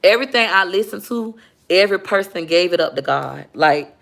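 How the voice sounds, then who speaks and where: A woman's voice: on the low side, a little fast, vocal fry. A young woman, chatting candidly with viewers on a casual livestream and reading their comments. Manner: chatty, candid, animated when retelling.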